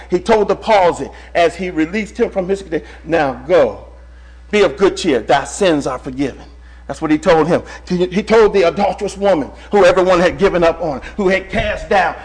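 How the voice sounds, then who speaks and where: Speaking fairly quickly with few pauses, a high-pitched preacher swings between shouting and quiet tones. He addresses his congregation as brother.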